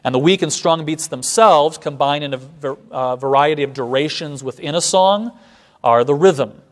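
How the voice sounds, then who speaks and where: A man giving a classroom lecture, measured and explanatory, often checking in with a rhetorical "right?". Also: a little high.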